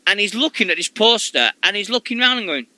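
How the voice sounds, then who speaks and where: Sweary, excitable Sheffield man. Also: high-pitched, fast talker, low-quality recording. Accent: Sheffield English. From Sheffield, England. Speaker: radio show co-host. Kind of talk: casual chat.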